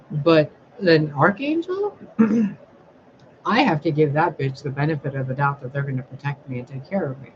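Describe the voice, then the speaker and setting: A woman's voice: low voice, a little mellow, dull audio, slight background noise. A woman speaking as a spiritual reader in a blunt, sarcastic, crude casual vlog monologue.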